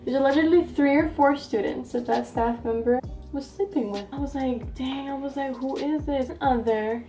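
A young adult woman beauty vlogger chatting through a storytime while doing her makeup, animated and gossipy, filling her talk with "like". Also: sits high, moderate pace, echoey room, faint music behind. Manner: animated, gossipy, fills speech with "like". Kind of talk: storytime get-ready-with-me chat.

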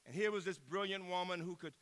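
A man in his sixties, a university president, giving an inspirational keynote speech and telling stories with emphasis, moving from loud bursts to hushed tones. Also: high-pitched, fast. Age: 60s.

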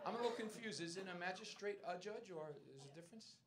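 A man's voice: sits high, lively intonation, quick pace. Brash, swearing stand-up comic man. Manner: brash, profane, teasing. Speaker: stand-up comedian. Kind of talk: stand-up crowd work. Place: comedy club stage, indoors. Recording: noisy live club with roaring crowd laughter.

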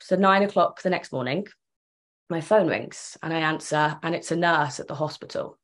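A woman's voice: sits low, normal speed, a bit bright. A young woman tells her own story earnestly and emotionally, acting out the remembered dialogue. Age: young adult. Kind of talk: personal storytelling.

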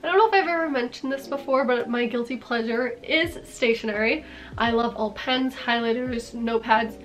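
A young woman with a cold talking excitedly in a casual haul vlog, gushing over her purchases. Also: a little high, normal speed. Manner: bubbly and gushing, lots of "like" and "are you kidding me". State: congested with a cold. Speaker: vlogger.

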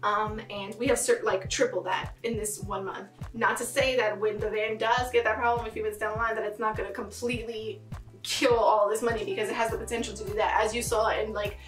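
A woman's voice: medium pitch, fairly even intonation, brisk, fairly bright tone, echoey room, distant mic, soft background music. A woman vlogging casually about her monthly budget, talking in a bubbly way with plenty of "like" fillers.

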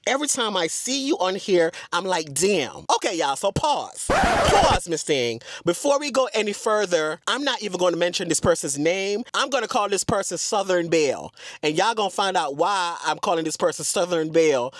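A man spills a dating story from the driver's seat, sassy and theatrical, his pitch jumping all over. The sound is dry and close, like a phone camera in a small car. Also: lively intonation, moderate pace, a bit bright, no echo. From Atlanta area. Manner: sassy, dramatic, keeps calling the audience girl; breaks into song and shrieks. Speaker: storytime vlogger. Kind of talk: casual storytime chat. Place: inside a car.

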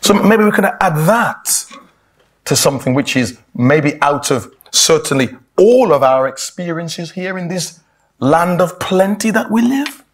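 A man's voice: on the high side, expressive, a little slow. A man giving a sermon-style Bible talk, addressing the congregation as brothers and sisters and reading scripture aloud, often restarting his words.

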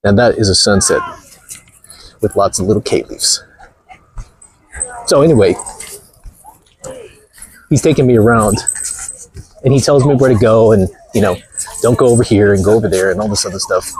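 A man's voice: fairly low pitch, moderate pace, pauses often, a little mellow, a little hiss or hum. A man vlogging outdoors with a phone camera, blunt and mocking, rambling through stories as he walks. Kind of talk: casual walking vlog talk.

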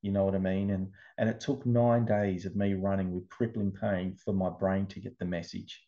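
A man's voice: deep voice, flat delivery, normal speed, dark tone, highs cut off. A man telling his personal story as an interview guest, earnest and emotional, often repeating words.

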